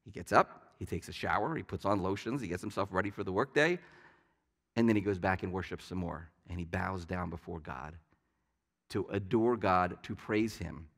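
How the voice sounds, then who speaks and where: A man's voice: low-pitched, expressive, moderate pace, a bit bright, in a large hall. A man preaching a sermon as pastor, telling stories in a conversational way with light asides. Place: church sanctuary.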